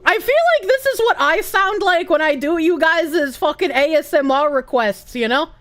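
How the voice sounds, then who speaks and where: A woman's voice: sits high, moderate pace, a bit bright. A woman streamer reacting to a clip in casual chat, giggling and swearing freely. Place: room with echo dampeners.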